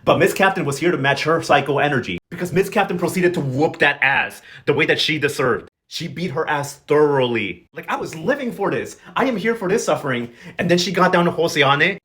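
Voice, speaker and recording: A man's voice: on the high side, animated, a little fast, hardly any pauses, fairly bright tone. A man giving a casual telenovela recap, sassy and slangy, telling the story with dramatic flair. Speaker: recap vlogger.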